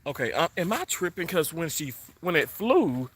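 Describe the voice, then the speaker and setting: A man's voice: on the high side, big pitch swings, moderate pace, a bit bright, breathy edge. A man chatting loosely with viewers during a livestream from his condo, rambling with many fillers. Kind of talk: casual live chat. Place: indoors in a condominium.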